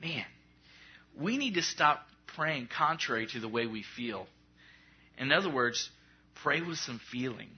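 Husky-voiced pastor preaching casually. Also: male voice, mid-range voice, lively intonation, measured pace, long pauses, lo-fi sound. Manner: conversational, joking, acts out little prayer scenes. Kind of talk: sermon.

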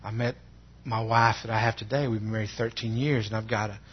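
Husky man telling his testimony. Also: on the low side, fairly even intonation. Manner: earnest, halting storytelling with repeated words. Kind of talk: personal testimony. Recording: dull lo-fi recording.

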